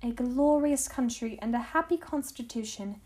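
A woman's voice: fairly high pitch, moderate pace, mellow, lightly acted. A woman doing a solemn young patriot with a mock British accent. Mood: earnest. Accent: put-on British. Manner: earnest, formal recitation. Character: young male patriot reading a solemn letter.

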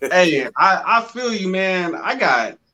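A man's voice: high-pitched, very animated, slow pace, crowd noise. A man co-hosting a casual talk show, telling his story emphatically with lots of slang. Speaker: podcast co-host. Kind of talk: casual chat.

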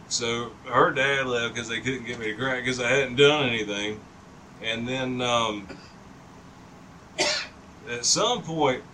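A man's voice: mid-range voice, sharp tone. A man in his fifties telling a long story in casual chat. He rambles, swears freely and laughs often. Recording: distant mic with noticeable background noise.

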